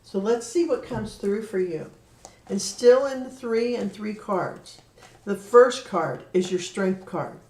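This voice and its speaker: A woman giving a spiritual card reading, talking in an earnest, gently encouraging way. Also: mid-range voice, slow pace. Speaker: card reader. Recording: roomy echo, voice from a distance.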